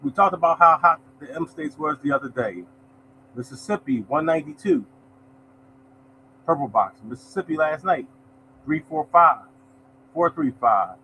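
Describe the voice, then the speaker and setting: Pitched fairly high, this man sounds animated, pushed and bright as he hosts a lottery show, casually reading results and welcoming viewers by name. His pace is moderate with long pauses, and the rough recording carries a little hiss or hum.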